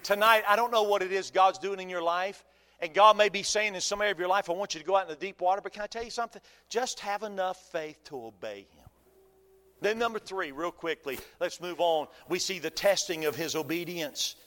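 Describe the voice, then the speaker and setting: Preaching at a fairly quick pace, a folksy pastor uses his high, bright voice to animate the sermon with jokes and questions to the congregation. The long hall reverb makes it sound like he's in a church sanctuary.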